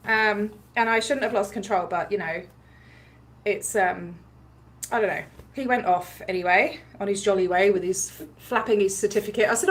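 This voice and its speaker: A woman casually telling a story on a livestream, animated, laughing often, with many ums and likes as she acts out what others said. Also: on the high side, normal speed. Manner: acts out other people's lines while retelling. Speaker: livestream host recounting a protest.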